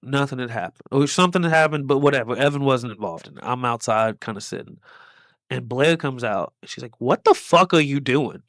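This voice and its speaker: A man's voice: medium pitch, brisk, fairly bright tone, dry recording, studio quality. A man who hosts a podcast and does comedy, telling a story in a rambling, casual way, with lots of swearing and "like" fillers. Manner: rambling, profane, many "like" fillers.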